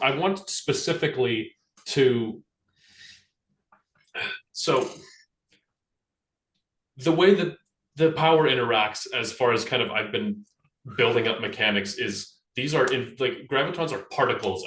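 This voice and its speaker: A man's voice: mid-range voice, normal speed, pauses often, a bit bright. Man, tabletop game player, casual, hesitant, roomy echo, distant from mic. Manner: casual, hesitant, restarts, swears. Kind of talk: tabletop role-play chat.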